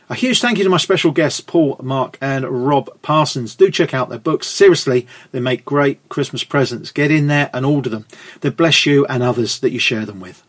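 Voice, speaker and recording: A middle-aged man hosting a podcast, friendly and upbeat as he asks questions and signs off the show. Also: on the high side. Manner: upbeat, friendly sign-off patter. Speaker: podcast host.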